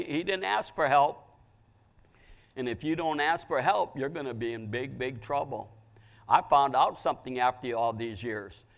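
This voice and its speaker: A man's voice: a little high, vocal fry, fairly bright tone. An older man preaching a sermon as pastor, fervent and crying out, with stammered restarts.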